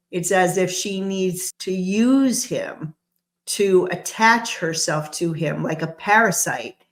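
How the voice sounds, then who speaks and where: A woman giving a tarot reading, musing aloud and stressing single words for drama. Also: lowish voice. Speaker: tarot reader. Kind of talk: channeled tarot reading commentary.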